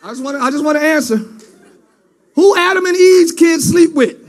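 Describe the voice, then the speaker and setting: A male preacher giving an animated sermon in casual slang, often breaking into shouts. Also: very high-pitched, normal speed.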